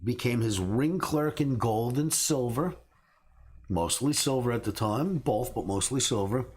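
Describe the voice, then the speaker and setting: A man's voice: medium pitch, measured pace. A middle-aged man, casually telling a story to a live stream and acting out the voices of people in it. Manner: animated, acts out voices of people in his stories. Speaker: trading educator telling stories.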